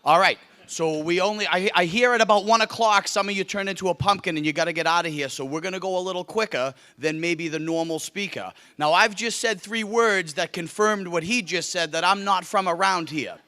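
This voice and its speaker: A middle-aged man from Cape Cod, Massachusetts, speaks with an R-dropping Boston accent in a high, sharp voice, talking fairly quickly with few pauses. As guest speaker, he gives a joking, self-deprecating keynote to an audience in a luncheon hall.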